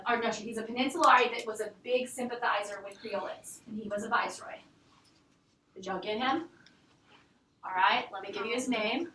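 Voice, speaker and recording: Bright-voiced woman teaching in an echoey classroom. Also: fairly high pitch, far from the mic. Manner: chatty, jokes and laughs with students. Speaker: history teacher. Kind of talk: classroom lecture with questions.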